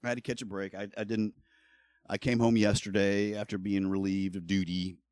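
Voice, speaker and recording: Low-voiced, foul-mouthed middle-aged man. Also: little pitch movement, normal speed, darkish tone, no echo. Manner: blunt, heavily profane, heated ranting. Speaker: streamer. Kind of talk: casual livestream talk.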